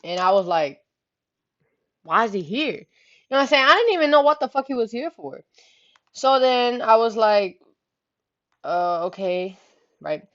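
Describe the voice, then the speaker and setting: A woman's voice: a little high, very animated, moderate pace, fairly bright tone. A woman telling a story in casual, rambling talk, full of slang and swearing, often tossing in "you know what I'm saying.". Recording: slightly muffled lo-fi recording.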